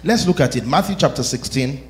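A man preaches a sermon with a voice that swoops up and down, sitting a little high. He works himself into shouts and laughs between his points. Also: animated, a little fast.

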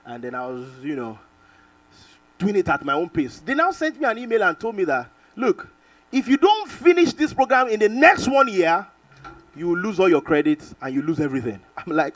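A middle-aged man from Nigeria preaching a sermon, telling a personal testimony with animated storytelling and calls for amen. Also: high voice, fairly quick, no echo, recorded from a distance, rough recording. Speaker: pastor.

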